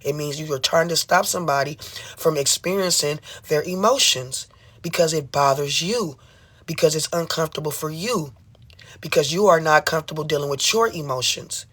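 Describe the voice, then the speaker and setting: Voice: mid-range voice, moderate pace, a bit bright. A livestreamer in an emotional, impassioned rant who swears often, fires rhetorical questions at the audience and repeats phrases for emphasis.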